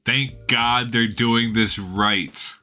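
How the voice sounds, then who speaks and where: A man's voice: medium pitch, steady tone, drawn-out words, bright, forceful tone, faint music behind. A man co-hosting a podcast, chatting casually and correcting himself as he thinks aloud. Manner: thoughtful, self-correcting. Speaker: podcast co-host. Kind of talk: casual chat.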